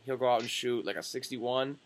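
Excitable young man hosting a sports podcast. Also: mid-range voice, fairly quick, a little hiss or hum. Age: young adult. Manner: excitable, swearing, jokey. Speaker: podcast co-host. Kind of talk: casual sports podcast chat.

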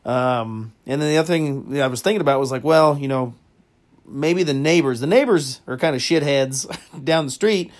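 A man hosting a comedy podcast tells a crude story in a casual way, with plenty of fillers and frequent laughter. His voice is medium-pitched and moves at a normal speed.

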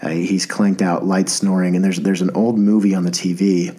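A man's voice: low-pitched, little pitch movement, moderate pace, mellow. A man in his thirties hosting a podcast, rambling in an enthusiastic, self-deprecating way. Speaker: podcast host. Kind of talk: casual podcast monologue.

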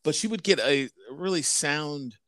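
A man co-hosting a podcast, chiming in casually with short, halting remarks. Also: a little high, fairly bright tone, dry recording, studio quality. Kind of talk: casual chat.

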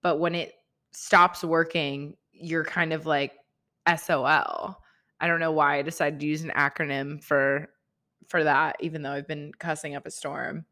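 A woman's voice: deep voice, flat delivery, unhurried, bright, forceful tone. A young woman hosting her own podcast, talking casually and rambling along with lots of "like" fillers. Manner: rambling, chatty, full of "like" fillers. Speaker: podcast host. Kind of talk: casual solo podcast chat.

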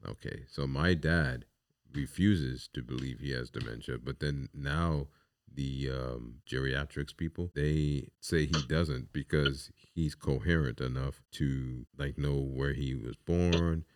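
A man hosting a casual podcast chat, talking in halting runs and checking in with "you know what I mean". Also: very deep voice, no room sound, clean studio sound. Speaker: podcast host.

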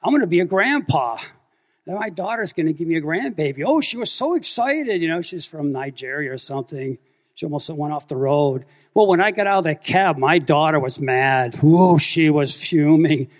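A man's voice: fairly high pitch, moderate pace. Man telling a story in a reverberant hall. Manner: animated storyteller acting out dialogue. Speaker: church member sharing a testimony. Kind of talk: testimony story told to a congregation.

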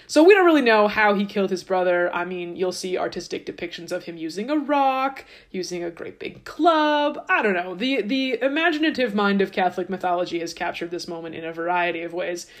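A woman's voice: fairly low pitch, animated, brisk, hardly any pauses. Casting: a woman host, chatty and irreverent, full of sarcastic asides. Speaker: podcast host. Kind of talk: casual irreverent storytelling.

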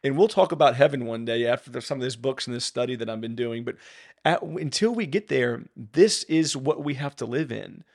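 Fervent gravelly man on a faith podcast. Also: medium pitch, brisk. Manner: fervent, rising to excited emphasis. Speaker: podcast co-host.

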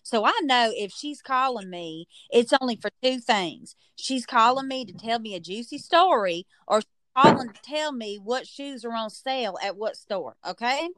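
A woman hosting a podcast, telling a story in a chatty, animated way and stretching words for emphasis. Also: a little high, moderate pace, hardly any pauses, dry recording. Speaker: podcast host. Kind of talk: casual storytelling chat.

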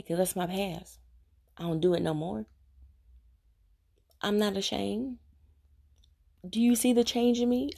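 A woman speaks earnestly to her viewers in a confessional devotional talk. Her voice is dark and mellow, with a gravelly fry running through it. She preaches directly at whoever is listening. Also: medium pitch. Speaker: Christian vlogger sharing her faith journey.

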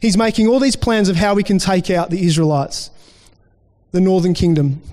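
This high-sitting, slightly mellow male voice holds a steady tone at a moderate pace. He's a pastor giving a conversational sermon, often restarting and briefly voicing the people he describes. The recording carries a hall's long reverb.

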